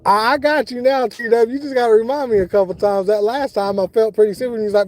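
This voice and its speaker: A middle-aged man talks in a relaxed, easygoing way, greeting viewers by name as he streams live from a fishing boat. His voice sits fairly high for a man yet sounds warm and mellow. The sound is open, the way it is outdoors on the water. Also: fast talker, few pauses. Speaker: fishing livestreamer. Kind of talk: casual live-stream chat.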